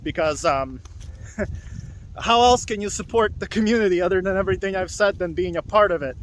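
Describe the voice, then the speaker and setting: A man's voice: high-pitched, normal speed, slight background noise. A young man vlogging alone outdoors in a forest, rambling casually with lots of fillers and a little out of breath. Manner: loose and chatty, full of fillers and restarts. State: slightly out of breath from walking. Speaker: hot wheels vlogger. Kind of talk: rambling casual vlog talk.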